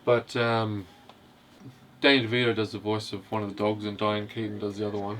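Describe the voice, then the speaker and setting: A man's voice: on the low side, little pitch movement, fairly quick, noisy background. A man casually reviewing a film, hesitant and rambling, with constant "you know" fillers. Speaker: host of a film review video.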